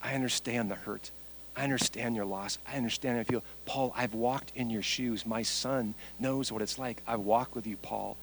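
A man, a preacher, voicing God as a gentle, patient male voice, hushed and slow. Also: medium pitch, steady tone, a little hiss or hum, pitched below the performer's own voice, lightly acted, rough recording. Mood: tender.

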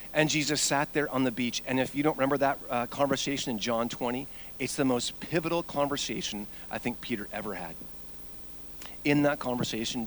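A man preaching a sermon, telling a story and moving between quiet, low passages and loud, high-pitched peaks. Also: slight background noise, low-quality recording. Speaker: pastor.

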